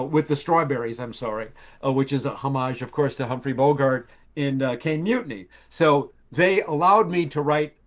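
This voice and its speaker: An older man, a TV writer, telling rambling stories on a live stream, full of fillers and acted-out quotes. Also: a little high. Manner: rambling storyteller with many fillers, acts out quoted voices. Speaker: TV writer and producer guest. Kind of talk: casual anecdote telling. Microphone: live stream call.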